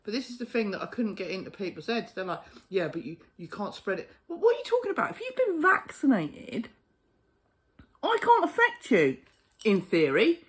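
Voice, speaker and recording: A woman's voice: mid-range voice, fairly bright tone. A woman ranting to camera in a casual vlog, exasperated and sweary, often laughing in disbelief. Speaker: vlogger.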